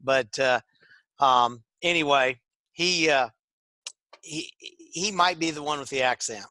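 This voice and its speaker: A man from Michigan with a Northern US accent and a slightly raspy voice, co-hosting a casual chat and rambling with many fillers. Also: mid-range voice, lively intonation, takes it slowly, bright, forceful tone, no room sound. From Michigan, USA. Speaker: podcast co-host.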